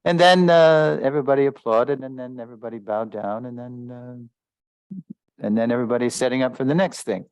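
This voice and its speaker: A man's voice: medium pitch, brisk, darkish tone, clear, resonant tone, dry recording. A man giving a spiritual lesson as a story, talking loosely with many fillers and small chuckles. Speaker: spiritual teacher. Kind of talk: storytelling lecture.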